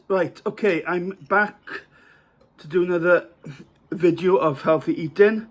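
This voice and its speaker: A man's voice: sits high, measured pace. A man from Wales with a Welsh accent, talking casually to camera about his meal at home, rambling and hesitant with many fillers. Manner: rambling, hesitant, self-mocking. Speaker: vlogger. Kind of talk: casual to-camera food vlog.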